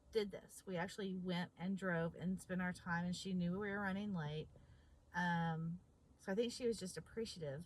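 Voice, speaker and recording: Woman, vlogger, husky bright voice, animated storyteller who voices the other person too. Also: fairly low pitch, rough recording. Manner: animated, emphatic storyteller acting out both sides of a conversation. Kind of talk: storytelling vlog.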